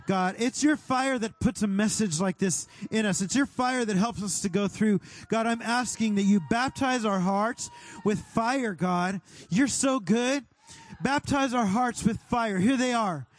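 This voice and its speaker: A pastor leading a fervent prayer over his congregation, speaking directly to God and sometimes rising to a shout. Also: sits high, a little slow, dry recording. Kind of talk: sermon prayer.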